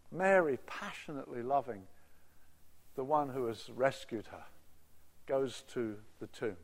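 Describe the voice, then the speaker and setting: An older man preaching a sermon, telling stories with animated acted-out quotes. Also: mid-range voice. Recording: long reverb of a large hall.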